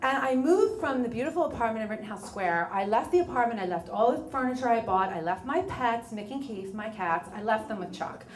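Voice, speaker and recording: A woman's voice: fairly high pitch, lively intonation, fairly quick, hardly any pauses, roomy sound. A woman, telling a true story on stage in a chatty, wry way and quoting herself often. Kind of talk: live storytelling. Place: bar or small venue at a live event.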